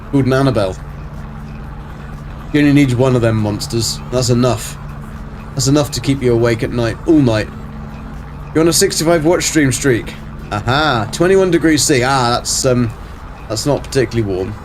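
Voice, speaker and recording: A man's voice: medium pitch, a little hiss or hum. A middle-aged man on a casual live game stream, answering chat and muttering to himself as he plays.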